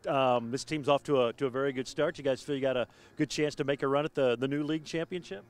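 A man hosting quick sports interviews, asking friendly, chatty questions. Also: medium pitch, steady tone, faint music behind. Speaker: host.

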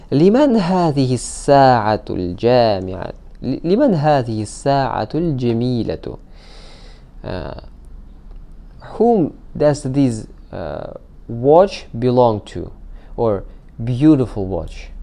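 A man teaching a recorded language lesson. He reads out example sentences, then explains them slowly with frequent hesitations and fillers. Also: medium pitch, dark tone. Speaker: Arabic teacher.

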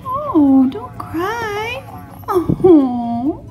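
A woman unboxing and playing with a baby doll, cooing and soothing it in a gentle mommy voice. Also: high-pitched, big pitch swings, takes it slowly, over music. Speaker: toy reviewer.

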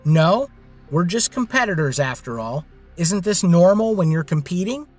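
A calm, ruthless young businessman, played by the male narrator, blunt and unbothered, a little higher than the narration. Soft music runs underneath, as in a spoken storybook. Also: normal speed. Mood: cool.

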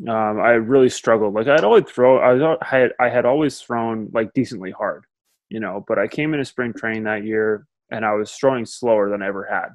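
A man from Canada answering interview questions in an easygoing, measured way. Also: on the low side, no echo. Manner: easygoing, measured, frequent fillers. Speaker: professional baseball pitcher, guest.

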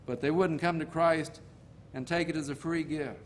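Older preacher telling folksy stories. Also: male voice, a little high, steady tone, slight background noise. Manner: folksy storytelling preaching, slowing for emphasis. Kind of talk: sermon.

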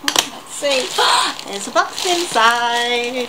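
An Australian woman filming a casual unboxing vlog at home, gushing with excitement, gasping and squealing as she talks to a handheld camera. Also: fairly high pitch, normal speed. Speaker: vlogger. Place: at home, partly outdoors by the driveway. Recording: noisy home camera recording.

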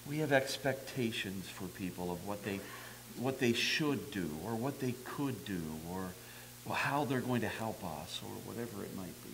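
A male pastor preaches in an easygoing, conversational way, swinging his pitch up and down as he tells the story and drops in jokes at his own expense. A faint hum sits under the recording. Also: lively intonation, moderate pace, creaky. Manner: conversational, folksy storytelling that acts out dialogue; self-deprecating humor. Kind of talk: sermon.

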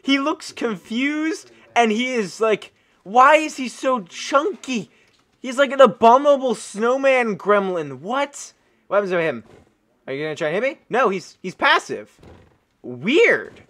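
A high-pitched man giving gameplay commentary with a bright, forceful edge, his voice full of shrieks, gasps and bursts of laughter. His tone stays highly animated and exclamatory, swinging widely in pitch. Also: a little slow. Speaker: gaming channel host.

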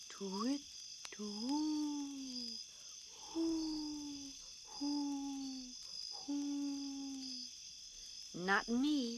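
A woman reading a bedtime story aloud in a soothing, soft-spoken way, whispering the sound effects. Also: lowish voice, noisy background. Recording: crickets chirping in the background.

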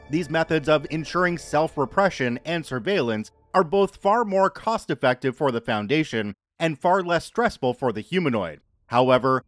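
A man narrating a scripted horror story in a measured, even reading voice. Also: a little high, no room sound, studio quality.

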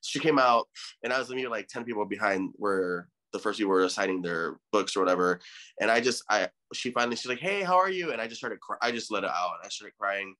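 Guest, male, 30s, low bright voice, chatty and effusive storyteller. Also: fairly quick. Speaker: podcast guest. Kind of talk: casual chat.

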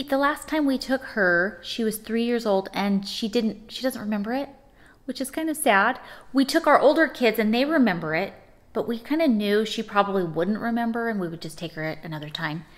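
A middle-aged woman chatting casually to camera at home as a vlogger, talkative and quick to break into laughter. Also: fairly high pitch, animated.

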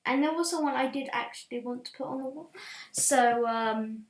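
A woman hosting a let's play with gameplay commentary, excitable and swinging from quiet muttering to loud shouts. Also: high-pitched, normal speed. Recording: roomy echo.

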